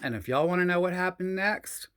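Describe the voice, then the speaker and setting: A woman's voice: lowish voice, a little fast, clear, resonant tone. A woman hosting her own show, telling a personal story in a chatty, frank and profane way and talking straight to her viewers. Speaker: storytelling host. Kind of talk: casual storytelling monologue.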